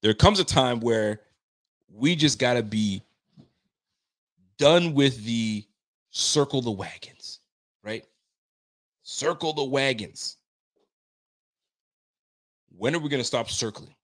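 Man, live-stream host, casual slangy fan talk, animated, swears a lot, mid-pitched voice. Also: takes it slowly, long pauses. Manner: animated, slangy, swears freely, builds himself up into excitement. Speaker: live-stream host reading viewer comments.

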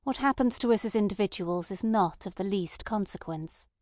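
Here a woman voices a cold, scornful little man who builds bombs, speaking with lofty disdain and no feeling. Her voice is medium-pitched, a bit mellow and close to everyday speech, at a moderate pace, recorded clean in a studio with no echo.

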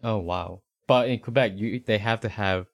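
Deep, gravelly-voiced man asking curious questions. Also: no room sound. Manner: curious, eager questioner, quick to react with surprise. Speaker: podcast co-host. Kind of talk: casual chat.

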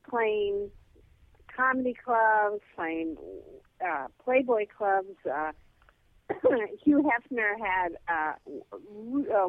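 Woman, chatty storyteller, thin phone-line sound, lively pitch. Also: no echo. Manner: lively, animated anecdote with many fillers. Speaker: comedy guest. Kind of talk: casual storytelling on a call-in show. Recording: tinny phone line, dry.

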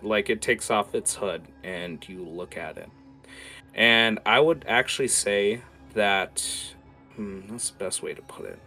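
A man narrating a tabletop game as its game master, animated and full of filler words. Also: on the low side.

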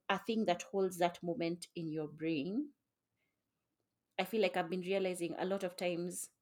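A woman's voice: fairly low pitch, darkish tone. A young woman co-hosting a podcast with her sisters, talking reflectively in casual chat and swearing now and then. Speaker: podcast co-host.

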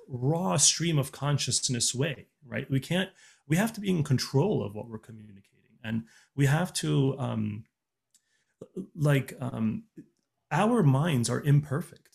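A man's voice: fairly high pitch, expressive, measured pace, vocal fry, a little mellow, husky. A man talking earnestly in a casual podcast chat, giving relationship advice with many restarts and fillers.

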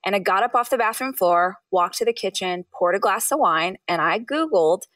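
A woman's voice: medium pitch, moderate pace, dry recording, recorded from a distance, low-quality recording. A woman in her thirties, a guest author, telling her story in a casual interview and acting out the people she quotes. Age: 30s. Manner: animated, acts out quoted people in shifting voices.

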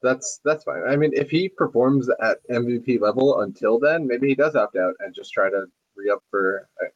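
A man co-hosting a casual sports podcast in a measured, hedging way. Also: medium pitch, dry recording, lo-fi sound. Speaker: podcast co-host.

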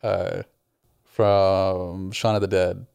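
A man co-hosting a casual movie review chat, giving opinionated, animated takes. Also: deep voice, drawn-out words, creaky, smooth, no echo. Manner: opinionated, animated, frequent restarts. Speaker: movie review podcast co-host.

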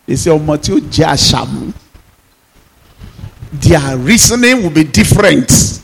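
A man's voice: a little high, very animated, unhurried, creaky, a bit bright, husky, rough recording. A man preaching a sermon as pastor, emphatic and full of repeated rhetorical questions.

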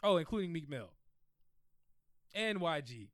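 A man co-hosting a casual music podcast, talking in a slightly high voice. He jokes, laughs and ribs his partner. The sound is dry and close to the mic. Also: unhurried, dry recording. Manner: animated, laughing, playful ribbing. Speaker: podcast co-host. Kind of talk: casual music review chat.

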